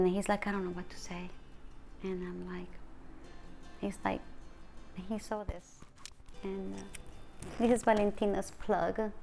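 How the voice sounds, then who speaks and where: Give me a grieving mother telling her story haltingly, with a gravelly voice. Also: on the low side. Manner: halting, soft, quotes others in hushed voice. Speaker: interviewee, bereaved mother and nonprofit founder. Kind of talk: emotional personal testimony.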